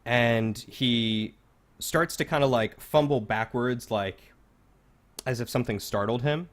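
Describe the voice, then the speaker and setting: Game master, man, mid-pitched, loose casual narration. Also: unhurried. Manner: casual, filler-heavy narration.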